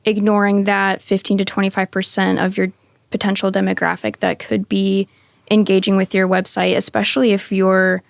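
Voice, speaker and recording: A woman's voice: mid-range voice, completely flat delivery, normal speed, vocal fry, no echo. A woman speaking as a podcast guest, hesitant and full of "um" and "I mean". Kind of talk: casual podcast chat.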